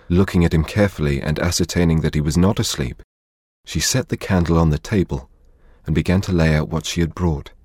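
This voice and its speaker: A male audiobook narrator reads in a measured, dramatic style. His voice is very deep and slightly husky, recorded dry and close with no room around it. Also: darkish tone, no room sound.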